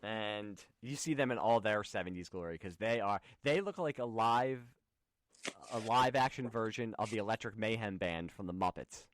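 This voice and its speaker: A man's voice: fairly low pitch, moderate pace. A man hosting a podcast, recapping an old episode in a casual, chatty way with frequent restarts. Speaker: podcast host. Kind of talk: casual chat.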